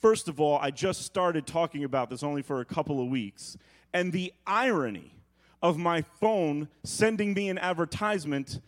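A middle-aged man from New York preaching with humorous storytelling, acting out quotes and sounds with quick jokey asides. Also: fairly high pitch. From New York, United States.

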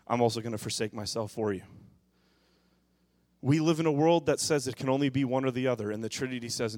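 A man preaching a sermon as pastor, moving from quiet, musing passages to loud, impassioned bursts. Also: mid-range voice, normal speed, no room sound, studio quality.

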